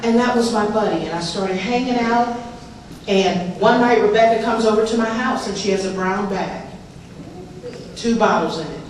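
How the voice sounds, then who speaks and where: A woman in her forties shares her recovery story with an audience in a lively, humorous way, often laughing as she talks. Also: medium pitch, moderate pace. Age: 40s. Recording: echoey room, distant mic, background noise.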